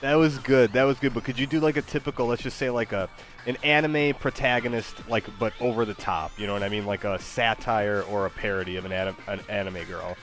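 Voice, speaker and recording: A man's voice: on the low side, fairly quick, a bit bright, soft background music. Rambling man chatting while gaming. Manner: hesitant, rambling, many fillers. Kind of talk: casual chat while gaming.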